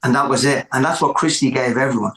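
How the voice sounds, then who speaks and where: A man with an Irish accent, a musician telling stories in a casual interview, animated and repeating words for emphasis. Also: medium pitch, fast, echoey room. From Ireland. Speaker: musician guest.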